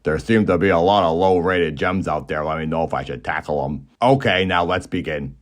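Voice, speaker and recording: A man with a slightly low voice narrates a movie recap as a comedy routine. He keeps a dry, sarcastic edge and drops flatly into deadpan asides. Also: brisk. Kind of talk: scripted comic movie recap.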